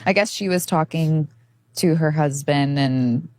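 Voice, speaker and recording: A woman's voice: low-pitched, unhurried, mellow, a little hiss or hum. A woman co-hosting a podcast, chatting casually about relationships, speaking fluently with many "like" fillers. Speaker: podcast co-host.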